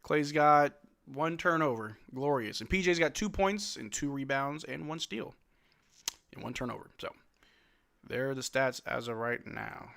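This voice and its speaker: A man hosting a casual live watch-along of a game, calling the play-by-play, reading chat questions aloud and answering them, with loud excited outbursts at big plays. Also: medium pitch, a little slow, creaky. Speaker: livestream host doing play-by-play.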